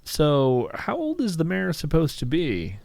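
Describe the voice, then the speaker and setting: A man's voice: on the high side, huge pitch swings, a little slow, vocal fry, a little mellow. A man chatting casually while streaming a farming game. He muses aloud with dry humor.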